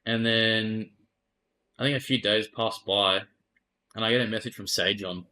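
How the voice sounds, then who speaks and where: Bright-voiced Australian man telling a story. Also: on the low side, fairly even intonation, normal speed. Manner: candid, swears freely, retells messages in quoted voices. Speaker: esports player guest. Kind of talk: casual storytelling interview.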